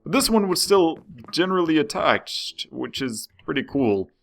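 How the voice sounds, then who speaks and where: This young gaming host sounds a little high, creaky and fairly bright, very animated at a normal pace, with soft music behind him. His casual play-by-play chatter rambles and keeps breaking off mid-thought.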